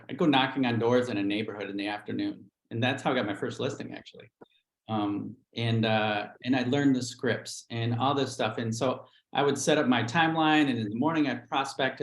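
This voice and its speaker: A man's voice: mid-range voice, echoey room, rough recording. A middle-aged man, a real estate agent, telling his career story candidly on a livestream interview, acting out quotes as he goes.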